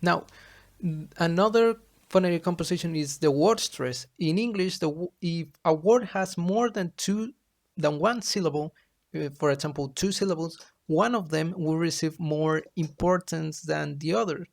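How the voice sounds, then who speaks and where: A man giving a class presentation as a student, reading from his slides in a halting way. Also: a little high, vocal fry.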